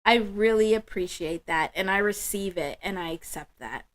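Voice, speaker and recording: A woman hosting a spiritual livestream, chatting with viewers in an emotional, affirming way. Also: medium pitch. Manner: warm, emotional, affirming, slow and soft-spoken. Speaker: livestream host.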